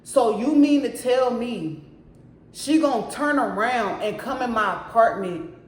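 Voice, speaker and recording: A woman's voice: a little high, measured pace. Emphatic woman telling a story in an echoey room. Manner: emphatic, keeps addressing viewers directly. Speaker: storyteller vlogger. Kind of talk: casual storytime to camera. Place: her own apartment.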